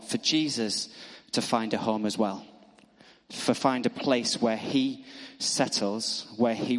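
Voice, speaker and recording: Male preacher, Northern English accent, hesitant, filler-heavy sermon delivery, long hall reverb. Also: medium pitch. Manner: halting, with many fillers.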